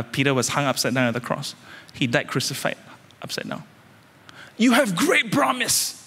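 A man preaching a sermon as senior pastor, emphatic, repeating phrases and climbing suddenly louder. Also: mid-range voice, long reverb tail.

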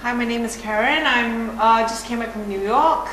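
A woman's voice: fairly high pitch, normal speed, fairly bright tone, natural voice. Actress playing a chatty boastful young woman. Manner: chatty, rambling, full of fillers. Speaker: audition candidate. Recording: echoey room with background noise.

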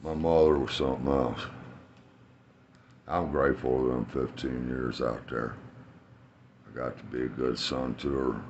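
A man's voice: extremely low pitch, gravelly, slight background noise. A middle-aged man telling rambling, profane stories about his family in a casual vlog, laughing at his own jokes. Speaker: vlogger telling life stories. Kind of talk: casual storytelling. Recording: dull lo-fi sound with faint ambience.

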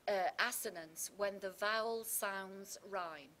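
A woman's voice: medium pitch, moderate pace, a bit bright, a little hiss or hum. A woman English teacher, explaining poetry terms with confidence and leaning on key words. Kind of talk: explanatory revision chat.

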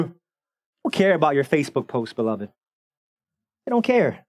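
Animated, sarcastic man preaching a sermon. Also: on the high side, unhurried, long pauses. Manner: animated, sarcastic, repeats words when fired up. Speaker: pastor.

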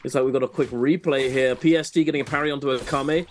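A man's voice: mid-range voice, fairly even intonation, fast talker, slight background noise. A man doing esports color commentary, chatty and explanatory, with a wry, sarcastic streak and plenty of fillers.

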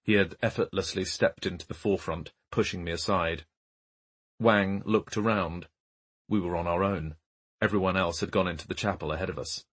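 A man narrating a mystery audiobook in a low, husky voice. His reading is calm and dry, steady from line to line. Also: normal speed.

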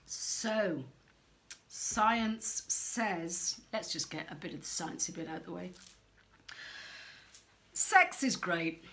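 A middle-aged woman giving frank, animated parenting advice straight to camera, acting out quoted voices as she goes. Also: on the low side, slow, long pauses. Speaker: parenting coach. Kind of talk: direct-to-camera advice talk.

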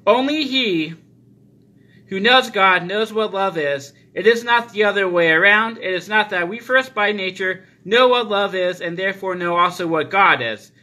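A man preaching a sermon, reading deliberately and slowing down to stress repeated phrases. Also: sits high, sharp tone. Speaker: pastor.

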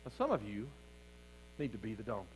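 A man's voice: fairly low pitch, huge pitch swings, a little fast, slight background noise, low-quality recording. A man preaching a sermon as pastor, calling out to his congregation with rising fervor. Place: church sanctuary.

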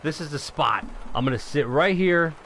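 A middle-aged man from New York giving excitable live gameplay commentary, calling out to viewers and shouting when things go his way. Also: a little high, moderate pace, vocal fry, a little hiss or hum. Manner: excitable, shouts at wins, talks to viewers as folks. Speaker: gaming live streamer.

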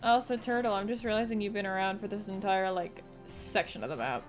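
Fairly quick and mid-range in pitch, a woman streamer keeps up profanity-laced chatter during gameplay. She reacts with lots of animation, and there's faint music behind her.

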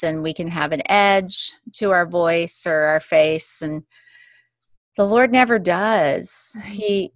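A counselor guesting on a faith podcast, this woman speaks warmly and from the heart, painting vivid pictures as she talks. Her voice sits a little low, recorded close and dry with no room echo. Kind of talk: faith-based podcast conversation.

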